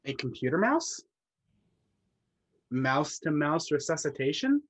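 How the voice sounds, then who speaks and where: A young woman plays a proudly geeky young prince in a stage comedy. His voice is low and husky, and it swings widely as he rattles on eagerly. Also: very animated, unhurried, full character voice. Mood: nerdy. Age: young adult. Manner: eager, nerdy.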